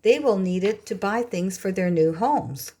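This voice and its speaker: A woman voicing a brave, gentle young heroine in a storybook, speaking earnestly in a husky voice. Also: medium pitch, lively intonation, unhurried.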